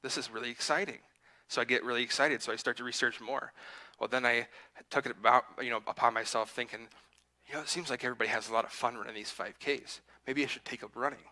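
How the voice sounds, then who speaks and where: Male preacher with a very bright, sharp tone and a mid-range pitch; casual, self-deprecating delivery. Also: fairly even intonation, quick pace, low-quality recording. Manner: conversational, self-deprecating, acts out his inner voice. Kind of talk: sermon with personal story. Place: church sanctuary.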